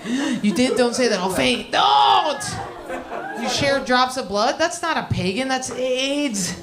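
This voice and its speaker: A woman's voice: high-pitched, animated, unhurried. Brash young woman comic ribbing the audience, far from the mic in a roomy club. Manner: brash, teasing, blunt and profane. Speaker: stand-up comedian. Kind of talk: crowd work. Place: comedy club stage. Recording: roomy club from afar, loud crowd laughter.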